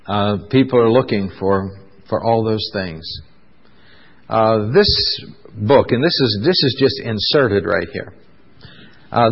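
Male pastor, casual sermon delivery with many "uh"s, long echoing hall, muffled lo-fi sound. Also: mid-range voice. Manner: conversational, fills pauses with "uh", asks the congregation questions.

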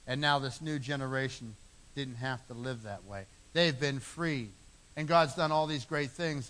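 A man's voice: mid-range voice, a bit bright. A middle-aged man preaching a sermon, earnest, repeating phrases for emphasis. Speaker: pastor.

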